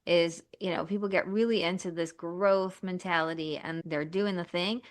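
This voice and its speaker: A woman talking casually as a podcast guest, acting out inner voices in lively asides. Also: fairly low pitch, moderate pace.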